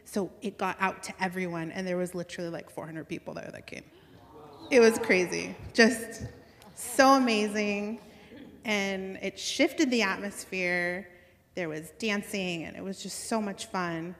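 A woman telling a personal faith story in an earnest, excited way, with lots of "like" fillers and bursts of laughter. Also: on the low side, moderate pace. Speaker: speaker sharing a faith testimony. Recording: long hall reverb.

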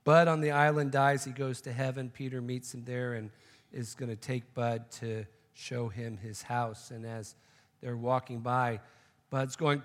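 A man's voice: medium pitch, level tone, a little slow, long reverb tail. A man preaching a sermon, telling a joke story and then making emphatic, repeated points. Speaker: pastor.

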